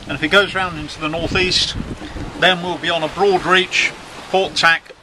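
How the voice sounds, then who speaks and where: Out at sea on his sailing yacht, a middle-aged skipper records a casual vlog in a steady, somewhat high voice at a moderate pace. He's talkative, dry-humored and self-mocking, with wind and waves in the background.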